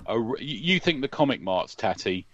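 A man co-hosts a casual podcast chat in a medium-pitched, fairly bright voice with big pitch swings, talking a little fast. He's a chatty storyteller who laughs often. The recording is dry, dull and lo-fi, with no echo.

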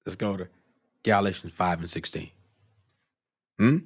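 A man's voice: sits low, fairly even intonation, a little slow, breathy edge, no echo, studio quality. A man preaching a sermon, quoting scripture in old wording and punctuating his points with "hmm?" and "huh?", his voice climbing into cries of glory.

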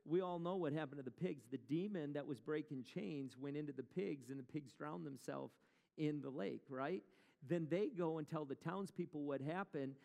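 A man's voice: fairly high pitch, normal speed, creaky, a little mellow, long reverb tail. A male pastor preaching a sermon in a conversational way, asking the congregation questions as he retells a story.

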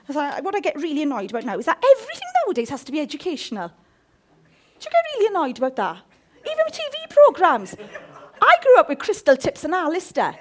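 A woman in her fifties preaching a sermon, impassioned and jokey. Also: sits high.

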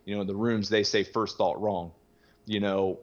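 A man's voice: fairly low pitch, steady tone, normal speed. A young man in recovery telling his story in a candid, rambling way, full of "you know" and casual swearing. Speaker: guest in recovery. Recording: muffled lo-fi audio.

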